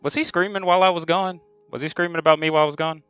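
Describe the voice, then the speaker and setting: A man's voice: fairly high pitch, steady tone, very fast, a bit bright, smooth, no echo, faint music behind. A man calling into a live stream and insistently repeating his question. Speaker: stream guest on a call. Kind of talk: argumentative call-in chat.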